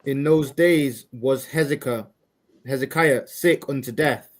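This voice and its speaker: A man reading King James scripture aloud in a measured, steady way during a Bible class. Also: mid-range voice, poor audio. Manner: measured, steady reading of old-style verse. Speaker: scripture reader.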